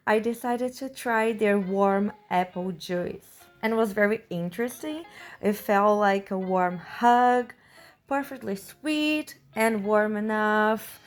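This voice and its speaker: Slow, chatty woman vlogger. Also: mid-range voice, darkish tone. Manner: chatty, repeats words for emphasis. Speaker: travel vlogger. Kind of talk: travel vlog voice-over.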